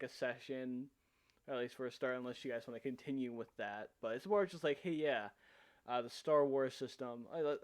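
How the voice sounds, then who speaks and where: A man's voice: mid-range voice, smooth. A man co-hosting a casual stream chat, rambling and correcting himself, laughing mid-sentence. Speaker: co-host.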